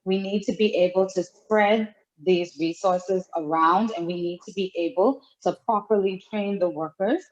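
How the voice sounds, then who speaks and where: A woman's voice: medium pitch, moderate pace, muffled recording. A woman from a children's home speaking on a panel in an earnest, direct way. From Bahamas. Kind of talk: panel discussion.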